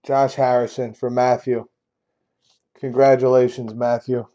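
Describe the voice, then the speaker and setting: A man hosting a sports card break live, talking casually and getting loudly exasperated, repeating himself. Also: medium pitch, normal speed, lo-fi sound. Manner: exasperated, repetitive, loud outbursts. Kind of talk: casual live-stream banter.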